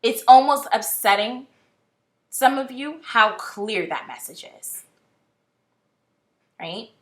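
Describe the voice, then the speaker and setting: A woman's voice: on the high side, slow. A woman reading tarot cards in a casual, blunt, talkative vlog style, often exasperated and swearing now and then. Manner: chatty, blunt, animated, swears. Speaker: tarot reader.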